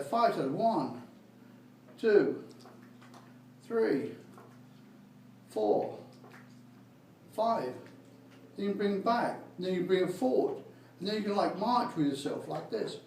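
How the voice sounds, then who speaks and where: A man's voice: high voice, a little mellow, slight background noise. A man giving informal exercise instructions in a plain, rambling way and counting repetitions aloud as he exercises. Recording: echoey room, mic at a distance.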